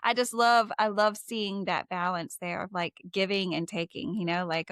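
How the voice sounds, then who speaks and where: A woman hosting a podcast in a relaxed, effusive way, often doubling her words for emphasis. Her voice sits in a middle register and sounds close and dry, with no room around it. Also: mid-range voice, moderate pace, few pauses, clean tone, no echo. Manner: warm, effusive, repeats phrases for emphasis. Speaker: podcast host. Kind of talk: casual interview chat.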